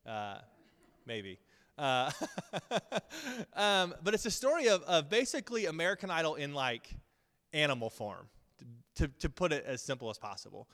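A man's voice: fairly high pitch, pushed and bright. A man in his thirties teaching at a Bible school in a casual, earnest sermon style, with frequent ums and restarts. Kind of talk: conversational sermon. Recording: long reverb of a hall.

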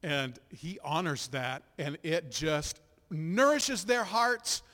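A middle-aged man preaching as a pastor, leading his congregation in loud spoken confessions and scripture, with relaxed, chatty asides. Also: fairly high pitch, takes it slowly. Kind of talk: sermon. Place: church sanctuary. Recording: echoey hall with long reverb.

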